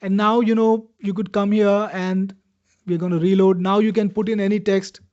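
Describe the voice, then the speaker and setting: A man with an Indian accent runs a live software demo in a chatty, pitching way, calling out viewers by name. His voice sits fairly high but mellow and warm in tone. The webinar audio is dull and lo-fi. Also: flat delivery, moderate pace. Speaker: webinar host demoing software.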